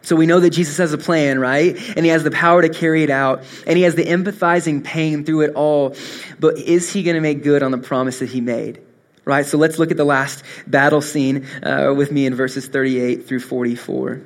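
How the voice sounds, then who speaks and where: A young man preaching a sermon, earnest and swinging from soft, intimate moments to impassioned rises. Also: on the high side, steady tone, fairly quick. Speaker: pastor.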